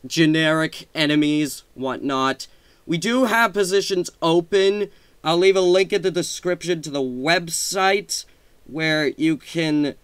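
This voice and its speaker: A man chatting in a casual update vlog at his home desk mic, his voice bright and crisp and fairly high. He talks unhurriedly, rambling and correcting himself, then gushes with excitement. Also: dry recording. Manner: excitable, rambling, with gushing outbursts and self-corrections. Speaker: video channel host. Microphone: desk microphone.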